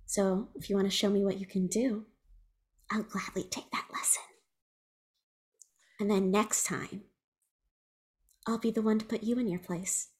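A defiant young witch, played by a woman, blunt, mocking and quick to swear. She talks in an unhurried, deliberate way, even when she pushes back. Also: medium pitch, lightly acted.

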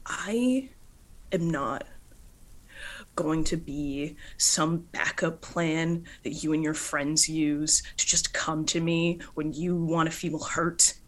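A woman voicing a fierce young woman fighter who curses with forceful indignation. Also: medium pitch, animated, slow pace, long pauses, slightly rough, pitched above the performer's own voice, full character voice. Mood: furious.

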